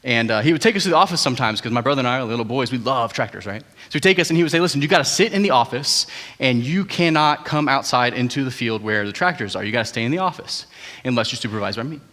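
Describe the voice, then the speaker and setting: A young man preaching a sermon as pastor, telling family stories in a conversational, animated way with asides to the congregation. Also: medium pitch, fast. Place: large church auditorium. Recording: hall reverb.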